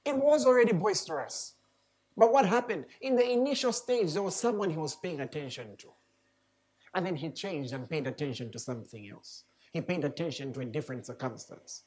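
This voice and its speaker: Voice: medium pitch, expressive, a little fast, darkish tone. A preacher giving a sermon, reading scripture aloud and then commenting on it with emphatic, repeated rhetorical questions.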